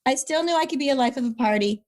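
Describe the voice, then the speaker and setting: Woman, middle-aged, kinda high voice, earnest and animated, retells her story. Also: fast talker. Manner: earnest, animated, repeats words when moved. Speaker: guest, brain injury survivor. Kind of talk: emotional personal storytelling.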